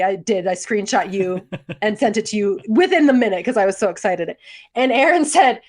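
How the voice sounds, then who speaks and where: A woman in her 40s with a mid-range voice talks at a moderate pace while co-hosting a podcast. Her storytelling is animated and casual, broken up by frequent laughter.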